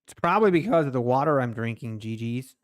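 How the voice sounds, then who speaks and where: Talking fast in a medium-pitched voice, a man streams his day trading live and chats casually with his audience. He is animated and pokes fun at himself, letting out disbelieving exclamations.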